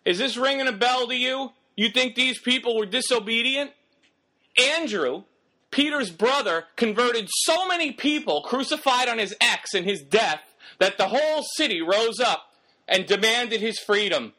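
A man's voice: very high-pitched, lively intonation, normal speed, bright, forceful tone. A man preaching a sermon in an emphatic, exhorting way, firing rhetorical questions at the congregation.

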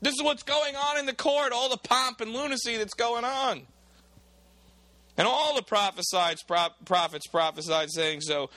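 A man preaching a sermon, retelling a scripture story with lively dramatized asides and reading old bible wording aloud. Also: high voice, normal speed, dry recording.

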